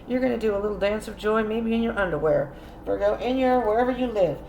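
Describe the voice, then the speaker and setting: A woman's voice: medium pitch, quick pace, a little mellow. A woman giving a casual tarot reading, musing aloud and speaking straight to the viewer. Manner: chatty, musing aloud, addresses viewer directly. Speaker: tarot reader. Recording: roomy echo, faint ambient noise.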